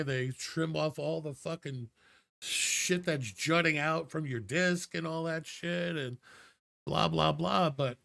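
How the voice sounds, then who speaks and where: A man's voice: fairly high pitch, gravelly, fairly bright tone. A man co-hosting a podcast, telling a blunt, profane story in casual chat. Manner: swearing storyteller, acts out the voices in his stories. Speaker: podcast co-host.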